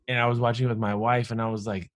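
A man's voice: medium pitch, little pitch movement, rapid-fire, no room sound, studio quality. Earnest man in his thirties chatting. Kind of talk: casual chat.

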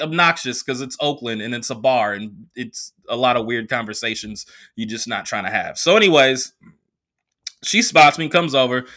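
A young male comedian from the Bay Area tells a loose, profane story on his show. His pitch jumps wildly as he acts out the people he quotes. His tone is bright and punchy. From San Francisco Bay Area. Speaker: comedian podcast host. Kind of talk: casual storytelling monologue.

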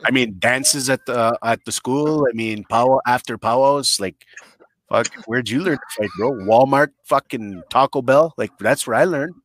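A man from Canada, telling a comedic story in a rambling, blunt and profane way, breaking into shouted impressions. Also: medium pitch, a little slow, no room sound.

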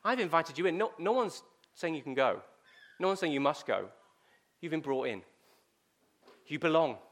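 A gentle young eldest son, as a preacher puts him on, calm and reassuring. His voice is fairly high. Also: moderate pace.

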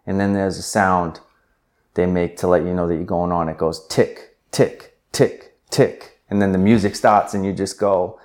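Brief: young man, low voice, animated storyteller, lots of "like" and "um". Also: normal speed. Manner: animated retelling with filler words. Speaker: interview guest. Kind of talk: conversational storytelling.

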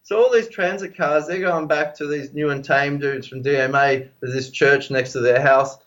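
A man's voice: fairly high pitch, fairly even intonation, normal speed, fairly bright tone. An Australian man, a podcast guest, telling a long rambling story with plenty of swearing, fillers and restarts. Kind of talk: casual storytelling.

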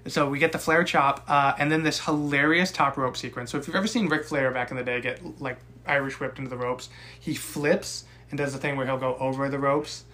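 A young man co-hosting a casual podcast, recapping a wrestling match with profane, animated rants. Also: mid-range voice, fairly quick. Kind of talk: casual chat.

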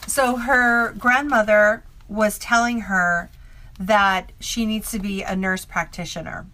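A woman with a bright, forceful voice tells a story about one of her psychic readings. She rambles and restarts her sentences often, filling the gaps with likes and ums. Her pitch sits in an ordinary middle range. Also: steady tone, slow. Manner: rambling, filler-heavy, with many restarts. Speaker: psychic medium. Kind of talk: casual storytelling.

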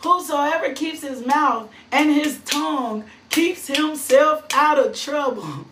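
A high-voiced woman preaching with fervor, her words slow and drawn out, bursting into shrill whoops between lines of scripture. She sounds set back from the microphone in an echoing room. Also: distant mic, noisy background. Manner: fervent, repeats phrases, sudden high whoops and shouts; reads scripture verses aloud. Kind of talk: impassioned sermon. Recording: echoey room, voice off-mic.

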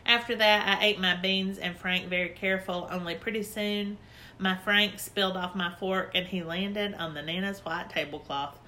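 A woman narrating a storybook in a lively, expressive, childlike manner. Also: medium pitch, moderate pace. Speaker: audiobook narrator. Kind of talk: storybook reading.

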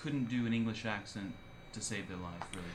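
A man co-hosting a radio chat, opinionated and blunt, halting at times. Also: on the low side, a crowd in the background. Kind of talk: casual radio banter.

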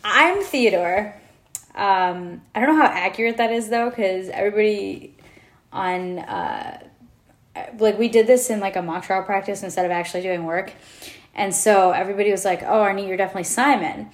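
A woman's voice: medium pitch, expressive, normal speed. A young woman co-hosting a casual chat, talking loosely with lots of fillers and laughter. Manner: chatty, laughing, filler-heavy. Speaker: podcast co-host. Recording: echoey room.

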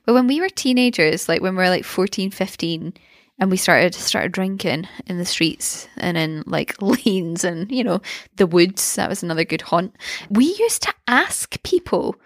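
A woman's voice: lowish voice, animated, normal speed, no echo, clean studio sound. A young Glaswegian woman co-hosting a podcast, talking bluntly and with indignation, using local slang. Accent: Scottish, Glaswegian. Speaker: podcast co-host. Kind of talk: casual chat recapping a TV episode.

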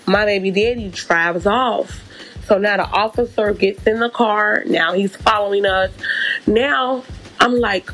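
A woman telling a personal story in a casual, animated and profane storytime monologue. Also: mid-range voice, normal speed, faint music behind. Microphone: podcast mic.

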